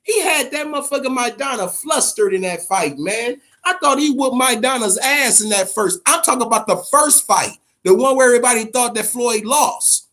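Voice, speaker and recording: A man hosting a boxing channel in casual live-stream talk, animated and profane, dropping "man" at the end of nearly every phrase. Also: very high-pitched, normal speed, hardly any pauses.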